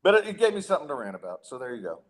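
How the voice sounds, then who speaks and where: A man's voice: mid-range voice, big pitch swings, very fast. Exasperated male podcast host, ranting. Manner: exasperated, sarcastic, many restarts. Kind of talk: casual ranting chat.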